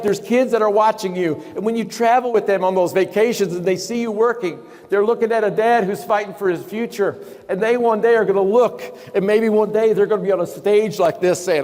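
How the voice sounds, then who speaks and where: A man's voice: high voice, a little fast. Man preaching in an echoing hall. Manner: emphatic, questions the audience, drops to hushed tones. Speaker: motivational speaker. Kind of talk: live motivational sermon. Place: large event hall. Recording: long hall reverb.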